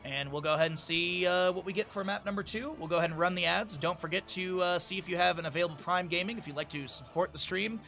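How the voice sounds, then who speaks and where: A man's voice: sits high, fast talker, gravelly, few pauses, bright, forceful tone, faint music behind. A young man casually commentating a live esports tournament stream, chatty and rambling with lots of fillers, sounding a bit sleepy.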